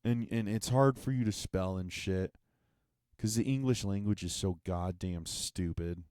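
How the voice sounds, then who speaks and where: Deep-voiced man on a profane rant. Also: unhurried, darkish tone, smooth, dry recording, studio quality. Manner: profane, sarcastic and exasperated. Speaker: podcast host. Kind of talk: ranting comedic monologue.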